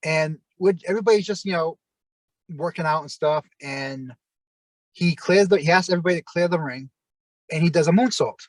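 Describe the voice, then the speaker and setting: A man who used to wrestle, telling a backstage story as an interview guest, cursing freely and acting out his own shouts. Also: on the high side, moderate pace, no echo, low-quality recording. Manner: animated, profane, acts out his own shouting.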